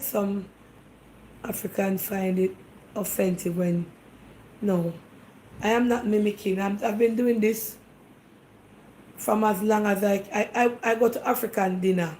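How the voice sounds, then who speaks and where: On a rough recording with slight background noise, a Jamaican-accented woman hosts a relaxed talk show in a medium-pitched, darkish voice. She addresses her audience directly, defensive and emphatic, repeatedly throwing questions their way.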